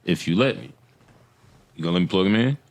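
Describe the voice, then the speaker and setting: A man co-hosting a podcast, speaking haltingly with many fillers. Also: deep voice, lively intonation. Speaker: podcast co-host. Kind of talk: casual podcast banter.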